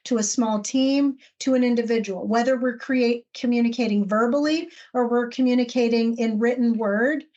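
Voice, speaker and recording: A woman co-hosting a podcast, her voice sitting a little high as she tells an anecdote. She acts out each quoted exchange with lively energy and keeps talking in an easy, conversational flow. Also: moderate pace, hardly any pauses, highs cut off. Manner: animated storytelling, acts out quoted dialogue. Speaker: podcast co-host.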